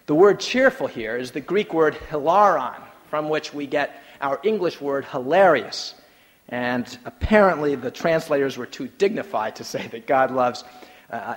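A man preaching a sermon, telling stories with humor and swinging between soft, low remarks and emphatic, rising lines. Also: animated, normal speed, big-room sound. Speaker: pastor.

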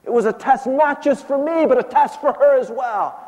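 A man's voice: extremely high pitch, moderate pace, pitched above the performer's own voice. Man playing a fervent old prophet, hall echo. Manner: swings from hushed to impassioned. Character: aged male prophet recounting his miracles. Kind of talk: first-person dramatic monologue. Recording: long hall reverb.

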